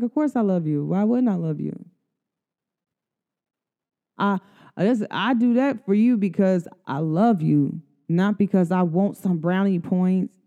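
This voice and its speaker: A woman with a mellow, warm tone and a smooth, clean voice talks through a casual podcast monologue. She is earnest and loose, full of slang and "like" fillers. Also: on the low side, muffled recording. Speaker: podcast host. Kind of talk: casual spiritual talk.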